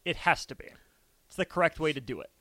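Bright playful male radio co-host. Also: fairly high pitch, fast, no echo. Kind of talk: casual radio banter.

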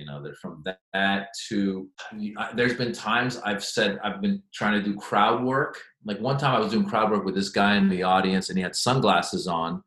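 A man, a stand-up comedian, answering interview questions in an animated, chatty storytelling way. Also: on the low side, moderate pace, few pauses. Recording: echoey room.

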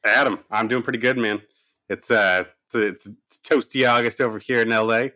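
A man's voice: medium pitch, fairly even intonation, moderate pace, bright, forceful tone, no room sound. A man co-hosting a podcast in easygoing, upbeat casual chat, laughing often. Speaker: podcast co-host.

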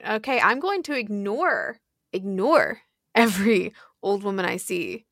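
Chatty high-voiced woman podcast host. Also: no room sound, clean studio sound. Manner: chatty, swears freely, animated retelling. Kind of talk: casual chat.

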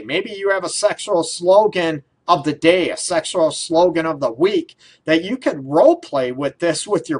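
Man, radio host, playful, rambling, laughs a lot, slightly high voice. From Detroit area. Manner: playful, laughs often, loose rambling questions. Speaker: radio show host, counselor. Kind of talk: casual talk radio, chatty.

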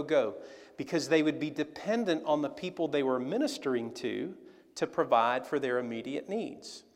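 A man preaching a sermon in a conversational, animated way. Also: fairly high pitch, in a large hall. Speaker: pastor.

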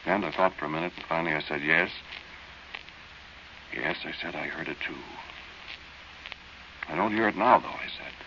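A young adventurer narrating, very deep, gravelly, plain-spoken, dull old radio recording. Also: male voice, moderate pace, long pauses, background noise. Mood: storytelling. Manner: plain-spoken storytelling, drops to tense murmurs. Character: young man narrating his eerie desert adventure. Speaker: narrator and lead character. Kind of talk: 1940s radio acting.

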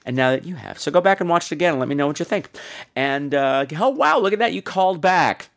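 A man's voice: expressive, fast talker, creaky. Theatrical man with a swooping voice. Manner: theatrical, swoops between low mutters and high squeals. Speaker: podcast host reading voicemails. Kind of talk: casual chat.

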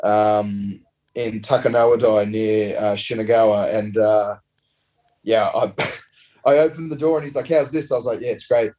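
Australian man, casual rugby yarns, low-ish voice, loose rambling delivery. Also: moderate pace, poor audio. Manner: rambling, relaxed, slangy anecdotes. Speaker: interview guest, former rugby player. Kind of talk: casual storytelling.

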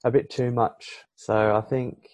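A man's voice: medium pitch, little pitch movement, a little slow, darkish tone, no echo. A man in his thirties with an Australian accent, chatting casually as a podcast guest, with plenty of fillers, restarts and laughs. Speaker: podcast guest, English teacher. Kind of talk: casual interview chat.

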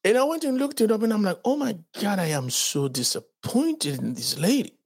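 Male podcast co-host from the Dominican Republic, lively storyteller with a pitch that swings widely, voices his quotes, blunt talker. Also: normal speed. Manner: animated storyteller acting out quotes in raised voices; swears freely.

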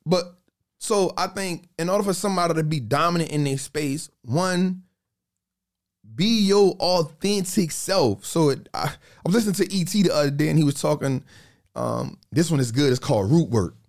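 Guy with a raspy gravelly voice, kinda high, telling stories all hyped and slangy. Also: moderate pace. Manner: animated storytelling, slangy, repeats phrases for emphasis. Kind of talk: casual podcast chat.

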